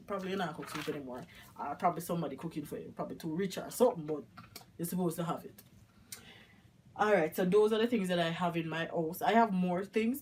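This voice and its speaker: A woman's voice: fairly low pitch, a little hiss or hum. Chatty Jamaican woman vlogging. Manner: chatty, rambling, mixes in patois. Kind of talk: casual chat to camera.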